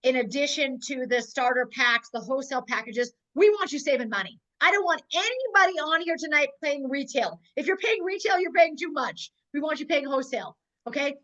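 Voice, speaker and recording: Bright-voiced emotional woman pitching hard. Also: animated, a little fast, few pauses, muffled recording. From North Dakota. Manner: emotional, on the verge of tears; fervent, repetitive rallying. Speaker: host of a sales webinar.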